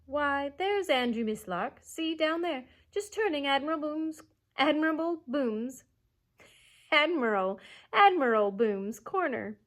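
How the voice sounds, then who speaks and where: A woman's voice: sits high, lively intonation, slow, a bit bright, pitched above the performer's own voice, full character voice. A woman voicing an eager young boy who pleads and insists.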